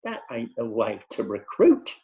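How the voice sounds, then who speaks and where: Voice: medium pitch, wildly swooping pitch, a little slow, dark tone, echoey room, rough recording. Actor doing a sly cheeky old male clerk. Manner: dry, cheeky, laconic backtalk. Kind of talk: comic stage reading.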